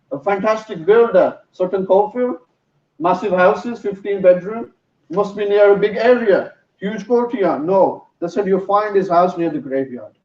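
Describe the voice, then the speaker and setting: Guy preaching a story, high voice, sounds far off in an echoey hall. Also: a little mellow. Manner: storytelling, earnest. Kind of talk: sermon. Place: mosque hall. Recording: roomy, distant, dull sound.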